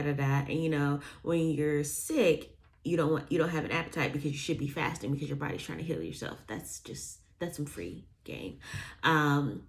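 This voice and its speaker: A young woman casually telling a personal story, rambling with lots of fillers and restarts, sometimes dropping to a near-whisper on asides. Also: sits low.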